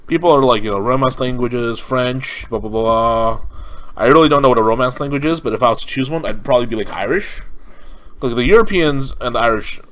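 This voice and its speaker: A man's voice: mid-range voice, fairly quick, a bit bright, low-quality recording. A young man from California giving casual let's-play commentary, rambling with lots of fillers and restarts. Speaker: gaming commentator.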